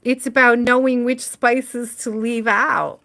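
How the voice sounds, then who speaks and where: A woman reading tarot on a relaxed livestream, speaking at an unhurried, drawn-out pace. She chats with her viewers by name and laughs easily between thoughts. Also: on the high side, vocal fry. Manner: chatty, answers viewers by name, laughs often. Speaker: tarot reader.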